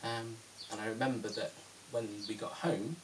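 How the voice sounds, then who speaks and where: Answering viewers' questions in a casual vlog, a British-accented Londoner in his thirties is chatty and self-deprecating, saying um often. His lowish voice holds a steady tone at normal speed, recorded far from the mic with music in the background.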